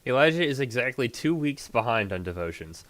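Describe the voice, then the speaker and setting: A man acting as game master, narrating a tabletop game in casual chat, laughing often and pausing on fillers. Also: mid-range voice, very animated, fairly bright tone.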